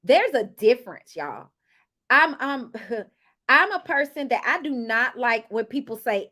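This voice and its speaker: A woman casually recapping a reality show episode, chatting to viewers with lively asides and storytelling. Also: high-pitched, a little slow.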